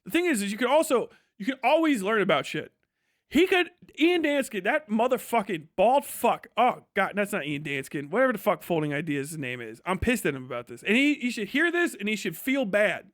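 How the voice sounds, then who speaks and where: Young male streamer with a high voice and a dry, close sound, on a crude, heated rant. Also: very animated, fairly quick, fairly bright tone, no room sound. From United States. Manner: profane, heated, mocking impressions. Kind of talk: ranting livestream monologue.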